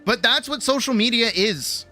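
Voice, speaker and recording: A woman's voice: fairly high pitch, lively intonation, moderate pace, bright, forceful tone, faint music behind. A woman streamer giving a rambling, profane pep talk in casual livestream chat. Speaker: streamer and artist.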